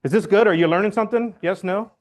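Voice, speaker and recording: A man giving a loud, blunt, joking talk to his real estate team, acting out phone calls as he goes. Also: sits high, fast. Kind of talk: motivational team meeting talk. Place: meeting room.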